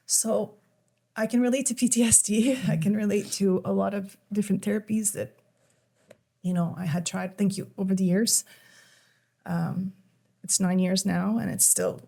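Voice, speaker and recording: A middle-aged woman telling a painful personal story on a podcast, emotional and halting, often restarting her sentences. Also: mid-range voice, level tone, vocal fry, warm tone. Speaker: podcast guest. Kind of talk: conversational podcast.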